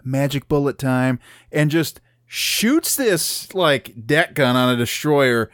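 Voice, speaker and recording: A man's voice: medium pitch, lively intonation, slow, no room sound, clean studio sound. A man in casual conversation about a movie, laid-back and chiming in with jokes. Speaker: podcast co-host. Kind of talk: casual movie recap chat.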